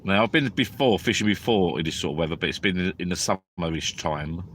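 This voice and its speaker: A man's voice: low voice, a little fast, a bit bright, a little hiss or hum. A tired man, chatting rambly and drowsily on a live stream from inside a small tent at a lake at night. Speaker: fishing vlogger. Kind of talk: casual live-stream chat.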